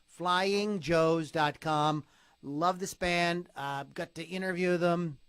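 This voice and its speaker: A man hosting an online rock show, chatting casually in a jokey, rambling way and laughing loudly. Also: on the high side, steady tone, takes it slowly, clear, resonant tone, dry recording. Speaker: show host. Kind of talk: casual radio-style chat.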